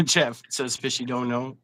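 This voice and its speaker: A man's voice: medium pitch, unhurried, a bit bright, rough recording. A man hosting a casual fishing livestream interview, chatty and rambling, laughing often. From Wisconsin. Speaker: host.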